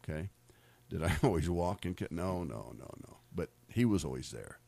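This middle-aged American man's low voice is creaky, husky, and a little mellow, moving at a moderate pace with big pitch swings. He rambles through casual faith stories as a testimony, frequently repeating words and laughing.

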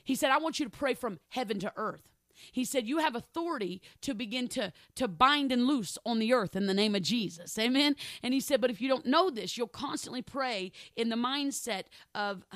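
Woman preacher, conversational sermon that climbs into fervent, loud preaching; fairly high voice, dry close sound. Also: no room sound. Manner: conversational, repeats words, rises to loud impassioned preaching.

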